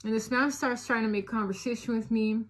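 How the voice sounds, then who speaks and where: A woman casually telling a personal story to her viewers, chatty and animated, with many fillers. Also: a little high, brisk.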